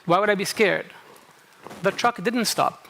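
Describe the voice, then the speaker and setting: In a conference hall, a middle-aged Kuwaiti man introduces a panel in a high, creaky, sharp-toned voice, speaking unhurriedly. His English carries a slight American tinge from a New England camp. He keeps it conversational, interrupts himself, and often asks the audience "okay?"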